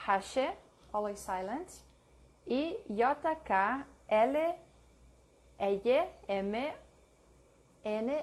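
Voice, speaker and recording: A woman reading her study notes aloud, drilling words slowly and stopping to correct her own mix-ups. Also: on the high side, darkish tone. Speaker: language learner sharing study notes. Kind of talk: slow read-aloud study session.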